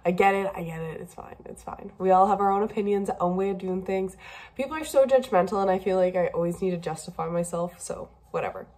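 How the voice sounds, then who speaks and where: A woman's voice: medium pitch, fast, a little mellow. A young woman talking candidly in a personal video diary, emotional and a bit rambling, tearful at times. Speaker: vlogger.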